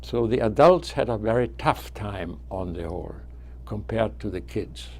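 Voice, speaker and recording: A man in his nineties with a foreign accent whose first language is not English, telling students about his life in a halting way, with frequent restarts. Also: lowish voice, lively intonation, darkish tone. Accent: foreign accent, origin not named. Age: 90s. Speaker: guest speaker.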